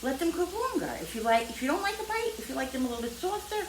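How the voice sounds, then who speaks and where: Cooking at home over a sizzling pan, a female cooking channel host rambles chattily and keeps correcting herself. She talks fast in a high voice with big pitch swings, and the echoey kitchen, distant mic, and frying noise all come through.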